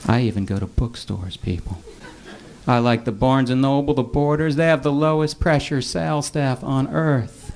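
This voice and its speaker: A man performing a deadpan stand-up comedy set in a club. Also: a little high, moderate pace, heavy background noise. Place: comedy club with a live audience. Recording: live stand-up recording with a laughing crowd.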